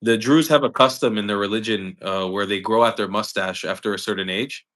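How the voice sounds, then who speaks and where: A man's voice: on the low side, a little fast, a bit bright. A man hosting a live stream, speaking earnestly and with passion, often repeating words and restarting lines. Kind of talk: impassioned live-stream commentary.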